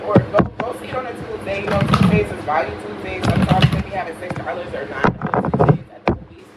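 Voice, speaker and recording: A woman with a Caribbean accent, a spiritual reader chatting bluntly and preachily to her viewers, repeating herself. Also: medium pitch. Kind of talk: casual spiritual chat to viewers. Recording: roomy, far from mic, loud background noise.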